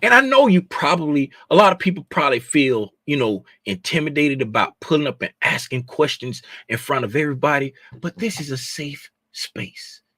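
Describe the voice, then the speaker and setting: Livestream host, middle-aged man, bright and lively, chatty with viewers, dry close mic. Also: a little high, brisk, hardly any pauses, breathy edge, dry recording. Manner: animated, greets chat viewers by name; drops to a hushed, confiding tone at times. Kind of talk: casual livestream chat.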